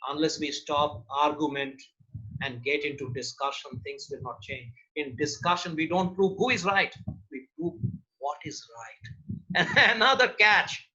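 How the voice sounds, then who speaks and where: A man's voice: fairly high pitch, a little slow, bright, forceful tone. A man giving a motivational workshop talk, emphatic and repeating key words, on a dull lo-fi recording. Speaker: workshop speaker.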